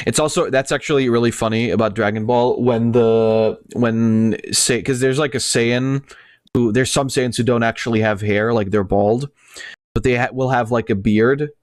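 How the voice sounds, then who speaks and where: A man's voice: mid-range voice, moderate pace, no room sound, studio quality. A man chatting casually while playing a game with friends, joking, swearing and laughing a lot. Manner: laughing, swearing, excitable banter. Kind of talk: casual gaming chat.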